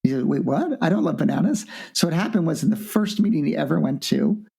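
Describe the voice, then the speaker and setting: Male professor guest, raised pitch, gravelly edge, animated storyteller who voices the people in his anecdotes. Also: fast talker. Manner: lively, acts out quotes with big pitch jumps.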